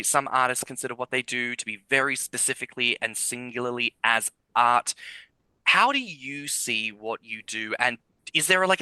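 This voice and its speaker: A man's voice: medium pitch, pushed and bright, no room sound, poor audio. A man co-hosting a podcast and interviewing a guest in a casual style, enthusiastic and profane, asking long rambling questions. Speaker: podcast co-host.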